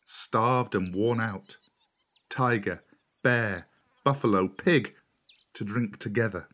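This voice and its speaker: A man narrating a storybook aloud, measured and expressive. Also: mid-range voice.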